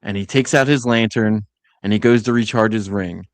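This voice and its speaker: A man's voice: lowish voice, normal speed, no echo. A man co-hosting a podcast, chatting casually in a review, acting out characters' lines as he recaps. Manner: animated, acts out quotes in voices. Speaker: podcast co-host.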